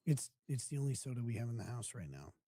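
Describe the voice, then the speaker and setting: A man's voice: medium pitch, very animated, quick pace, warm tone, husky, no room sound. A man hosting a live stream, chatting casually with a crude, mocking manner and frequent laughter. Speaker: streamer host.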